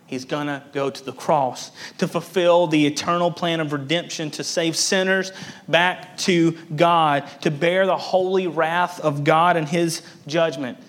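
A man's voice: a little high, steady tone, a little slow, a bit bright. A man preaching a sermon as a pastor, earnest and emphatic, repeating words for stress.

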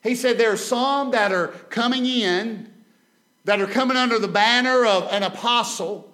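In a church sanctuary, a visiting male preacher speaks from the pulpit at a moderate pace, his voice sitting high for a man. His volume rises and drops dramatically, he doubles up his phrases, and he urges the congregation to answer with an amen.

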